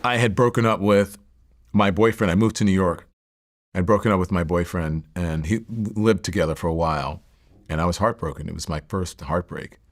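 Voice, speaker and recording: Deep gravelly man in a candid interview. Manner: reflective, halting, many fillers and restarts. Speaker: interview guest.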